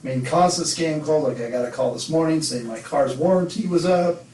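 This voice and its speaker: A man co-hosting a podcast who does taxes, telling stories in lively casual chat. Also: a little high, fairly quick, roomy sound, distant mic, a little hiss or hum, poor audio. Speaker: podcast co-host, tax preparer.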